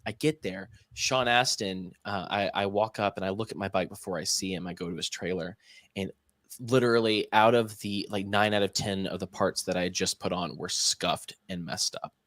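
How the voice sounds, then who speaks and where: A young man on a podcast casually telling an animated story and acting out the dialogue. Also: deep voice, normal speed, no echo, clean studio sound. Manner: animated anecdote teller, acts out quoted dialogue. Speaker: podcast co-host.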